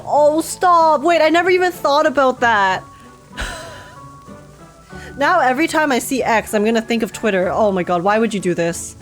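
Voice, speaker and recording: A woman's voice: sits high, expressive, moderate pace, faint music behind. A woman streamer reacting to a story game, gushing, giggling, and reading the story aloud.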